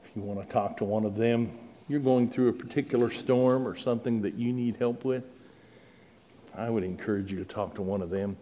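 A middle-aged man preaching a sermon, earnest and pleading, building to loud dramatic peaks when he tells the story. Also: lowish voice, steady tone, a little fast, slight background noise.

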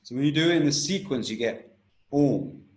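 A man's voice: fairly high pitch, lively intonation, rapid-fire, reverberant. A man teaching a breathing technique in an interview, instructive and repetitive, often checking in with "right?".

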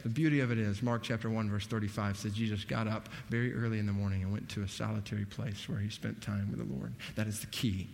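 A man preaching a sermon, animated, his voice rising emphatically on key points. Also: fairly low pitch, fast talker, vocal fry, few pauses. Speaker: pastor. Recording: long hall reverb.

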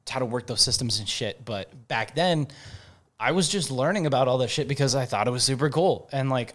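A young man, a firearms instructor, telling stories in a casual podcast chat, swearing freely and laughing. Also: medium pitch. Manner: profane, animated storytelling with swearing and laughter. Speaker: firearms instructor and company co-founder.

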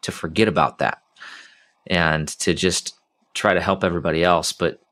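Deep-voiced male podcast host. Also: steady tone, fairly bright tone. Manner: halting, repeats words while searching for them. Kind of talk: casual interview chat.

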